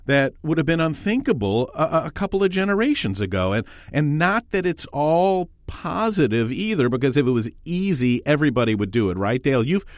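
Expressive male radio host, dry studio sound. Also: on the high side, a little fast, few pauses, no echo. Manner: encouraging, leading questions. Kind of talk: radio interview.

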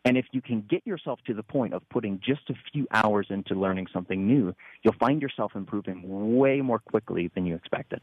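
A man's voice: lowish voice, a little fast, hardly any pauses, no echo. A man, a guest, explaining something in an interview. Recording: tinny phone line.

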